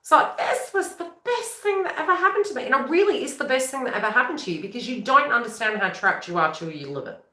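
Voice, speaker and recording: A woman, a psychic reader, talking casually to camera in a rambling, chatty way, breaking into quick laughs. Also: sits high, expressive, pushed and bright, reverberant. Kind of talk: casual spiritual talk to camera.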